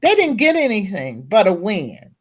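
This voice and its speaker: A woman's voice: medium pitch, huge pitch swings, moderate pace, breathy edge. A middle-aged woman, a teacher advocate and guest at a round table discussion, telling her story bluntly and candidly.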